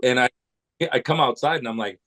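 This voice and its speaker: A man's voice: medium pitch, a little fast, fairly bright tone, poor audio. A man from New England, a podcast guest, telling long rambling anecdotes with many restarts in a casual way. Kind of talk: casual storytelling.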